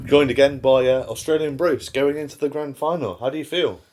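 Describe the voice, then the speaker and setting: A man interviewing competitors in a curt, deadpan, dismissive comedic style. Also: medium pitch, brisk, over loud music.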